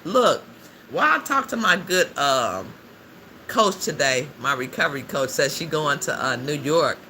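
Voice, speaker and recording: A man's voice: a little high, animated, a little slow, bright, forceful tone. A man hosting a casual livestream, chatting freely and answering viewer comments aloud, laughing often. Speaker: livestream host. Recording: noisy background ambience.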